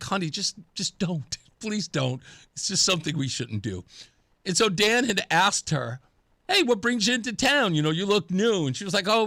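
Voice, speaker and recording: His voice is high-pitched and dry, without any room sound, recorded on a studio mic in a radio studio. This talk radio host, throat scratchy from pollen, delivers a casual monologue full of lively stories and laughter.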